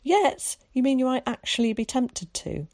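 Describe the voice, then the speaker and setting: Storybook boy, young, cheeky, high and loud, read by a woman narrator. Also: lively intonation, normal speed, no echo, clean studio sound. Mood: excited. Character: lively, teasing young boy.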